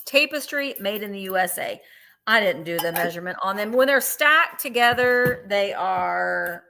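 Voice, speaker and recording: A woman's voice: medium pitch, lively intonation, moderate pace, creaky, pushed and bright, faint music behind. A woman hosting a live online vintage sale, chatting and gushing over each piece while counting down bids. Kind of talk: live online sales chat.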